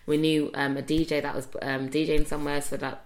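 A woman's voice: low-pitched, little pitch movement, fairly quick, darkish tone. A young woman, co-hosting a podcast in casual, chatty talk full of fillers and restarts. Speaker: podcast co-host. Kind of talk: casual chat.

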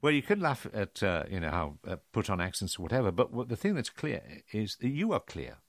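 Older man, lowish voice, very lively pitch, jovial probing questions, dry close mic. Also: brisk, no room sound. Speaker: interviewer, radio presenter. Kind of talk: conversational radio interview.

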